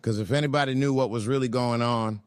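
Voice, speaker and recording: A man's voice: medium pitch, fairly even intonation, fast talker, clear, resonant tone, dry recording, studio quality. A man telling wry stand-up stories. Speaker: comedian. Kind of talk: stand-up routine.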